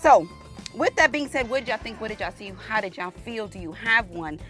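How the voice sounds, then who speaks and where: This firearms channel host talks a little fast in a fairly high, fairly bright voice with lively intonation, backed by soft music. Outdoors at the range for a casual vlog, she's chatty and exclamatory, says "y'all" to viewers, and sounds slightly out of breath from the humidity.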